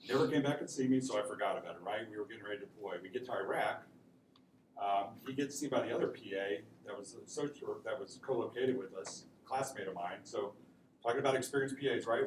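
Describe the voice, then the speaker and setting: A man giving a casual classroom lecture, often checking in with "right?" as he tells stories. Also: medium pitch. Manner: casual, conversational, peppered with "right?". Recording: echoey room mic from far off, noisy.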